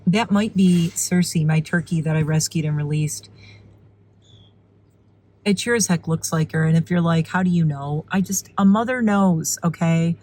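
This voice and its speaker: A woman vlogging casually while filming birds from her car and yard, chatty and excitable, sometimes out of breath. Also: moderate pace, rough recording. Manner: excited and chatty, breaks into high squeals when calling her turkey. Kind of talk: casual vlog narration. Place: in a car and outdoors in a windy yard.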